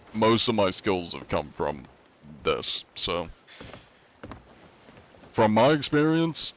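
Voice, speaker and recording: Give me a relaxed young male streamer with a lowish voice chatting with his viewers. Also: a little hiss or hum. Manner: relaxed, rambling, filler-heavy. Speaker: livestreamer. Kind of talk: casual chat with stream viewers.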